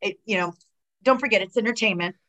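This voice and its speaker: Lively middle-aged woman telling stories. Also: mid-range voice, quick pace, dull audio, a crowd in the background. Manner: animated storyteller who acts out quoted dialogue, many fillers and restarts. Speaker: guest, retired pro wrestler. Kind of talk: casual interview chat.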